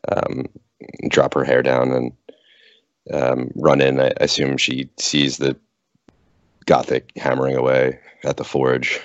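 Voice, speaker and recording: A man playing a tabletop game over voice chat, narrating his character's actions haltingly with fillers. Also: rumbling low, completely flat delivery, no room sound. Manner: hesitant, many fillers and restarts. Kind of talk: casual role-play narration. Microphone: computer mic on voice chat. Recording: dull lo-fi voice chat.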